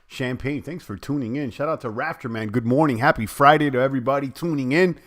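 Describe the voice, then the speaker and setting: Bright-voiced man hosting a casual livestream. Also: medium pitch, quick pace. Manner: rambling and conversational, addresses viewers directly. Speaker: crypto livestream host.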